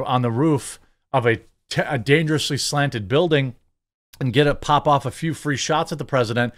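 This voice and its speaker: A man's voice: mid-range voice, fairly bright tone. A man hosting his own channel, giving sarcastic, rambling political commentary. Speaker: host.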